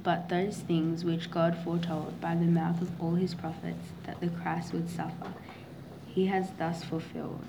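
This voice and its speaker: A woman reading a Bible passage aloud in a steady, plain way for a class. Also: fairly low pitch, a little slow, noisy background. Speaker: scripture reader.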